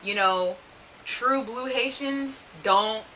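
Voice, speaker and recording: A young woman with an American accent chats casually on a podcast, her voice high and bright. She tells lively stories, often breaks into laughter and mimics other people. A faint hiss sits under the recording. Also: takes it slowly. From United States. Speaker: podcast co-host. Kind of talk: casual chat.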